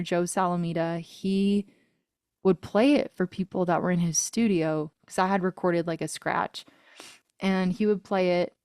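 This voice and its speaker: A woman's voice: on the low side, a little mellow, clear, resonant tone, no echo, clean studio sound. A woman in her thirties, a singer-songwriter guest, telling a personal story in a casual interview, earnest and emotional, with frequent laughs and fillers.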